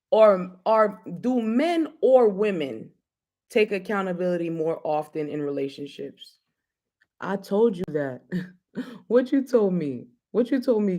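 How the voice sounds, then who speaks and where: Woman host, blunt and playful, chatting straight to her viewers. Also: medium pitch. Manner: blunt, playful, laughs often, speaks to viewers. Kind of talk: casual live-stream talk show.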